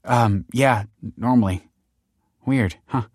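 A man's voice: mid-range voice, takes it slowly, a little mellow, breathy edge, dry recording, studio quality, voice pushed up. A man voicing a tense, secretive mother who snaps curt retorts. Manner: snappy, clipped retorts.

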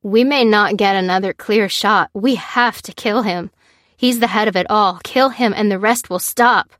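A woman's voice: medium pitch, fairly even intonation, measured pace, no echo, studio quality, close to an everyday voice. A woman voicing a breathless, desperate doctor. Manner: breathless, insistent. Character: shaken female doctor, desperate for revenge.

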